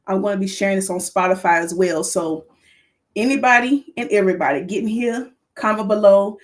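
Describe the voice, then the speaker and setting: Woman podcast host, lively, excited live-stream chat. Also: medium pitch, brisk. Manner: lively, excited, calls to the audience. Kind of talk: livestream chat to viewers.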